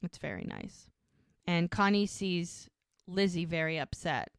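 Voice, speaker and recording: A woman with a lowish voice talks through a TV episode on her podcast, retelling each scene and quoting the characters' lines as she goes. The sound is close and dry, with no room around it. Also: unhurried, smooth, no room sound. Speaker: podcast co-host. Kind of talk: casual recap of a TV episode.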